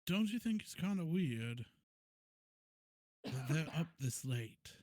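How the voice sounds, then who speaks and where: A man playing a tabletop game, quick and questioning. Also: fairly high pitch, very animated, a little mellow, no echo, studio quality. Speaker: player. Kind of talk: tabletop role-play.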